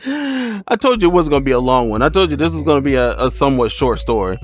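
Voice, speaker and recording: Animated man telling a storytime. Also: a little high, brisk, no room sound, clean studio sound. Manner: animated, laughing and exclaiming. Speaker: streamer. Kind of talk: storytime vlog.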